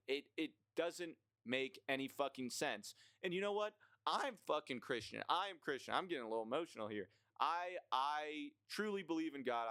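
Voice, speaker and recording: A man's voice: mid-range voice, a bit bright, smooth, no echo. A young man from the United States ranting through a list of dislikes in a blunt, profane, rambling way, with plenty of fillers. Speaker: vlogger.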